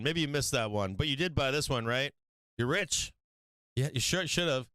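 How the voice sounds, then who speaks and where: Smooth-voiced man riffing on stocks. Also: medium pitch, expressive, normal speed, sharp tone, dry recording. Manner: rambling, mocking, swears often, talks to viewers. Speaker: stock market live stream host. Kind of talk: casual profane market chat.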